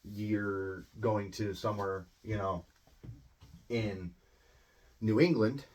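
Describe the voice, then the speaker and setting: A man with a Midwestern American accent teaching English in a relaxed, conversational way, often checking in with tag questions. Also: fairly low pitch, slow, long pauses. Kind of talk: casual explanatory lesson.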